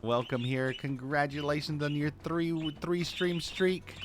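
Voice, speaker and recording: A man's voice: fairly high pitch, flat delivery, a little slow, noisy background. A man casually chatting while streaming a game, rambling and restarting his phrases. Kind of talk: casual live-stream chat.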